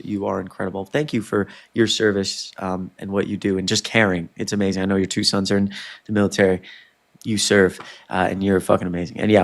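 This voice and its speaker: A man hosts a livestream, his low, gravelly voice rattling through quick thanks to viewers. He talks fast and effusively, barely pausing between lines. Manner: rapid, effusive thanks to donors. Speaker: livestream host. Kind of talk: casual livestream chat.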